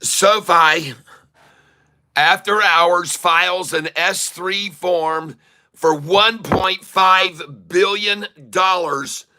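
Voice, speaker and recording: A man from Ireland hosting a stock market show, ranting furiously and profanely, repeating himself and sometimes shouting. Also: high-pitched, steady tone, very slow. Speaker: stock market video host. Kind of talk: angry ranting market commentary. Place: Dublin, Ireland.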